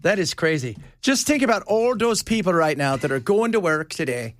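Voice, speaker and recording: A male talk radio host rambles through loose studio banter and laughs often. His voice sits high and swings widely in pitch. The sound is close and dry, with no room around it. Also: lively intonation, moderate pace, no echo.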